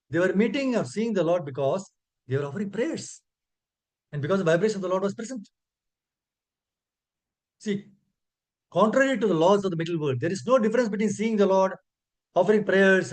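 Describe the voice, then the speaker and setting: A man with an Indian English accent teaches scripture to a gathering, his voice sitting high. He talks earnestly and keeps checking in with his listeners. He slows right down when he recites verses. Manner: slow chanted verse recitation; earnest, asks listeners "correct?". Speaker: preacher. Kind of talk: scripture class.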